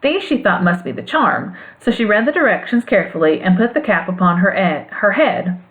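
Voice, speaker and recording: A woman narrating a classic storybook aloud in an expressive, lilting way. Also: medium pitch, a little fast. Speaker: audiobook reader. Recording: phone-like narrow band sound.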